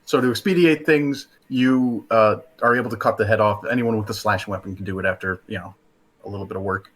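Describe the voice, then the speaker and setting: A man narrating as game master, halting with fillers as he explains rulings. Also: lowish voice, fairly even intonation, a bit bright.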